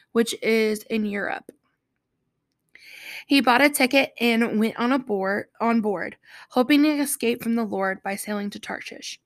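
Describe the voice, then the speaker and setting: A woman's voice: fairly high pitch, fairly bright tone, dry recording. Chatty woman reading scripture, close and dry. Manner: chatty asides, fillers like "like" and "um". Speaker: Bible teacher. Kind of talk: Bible reading with casual commentary.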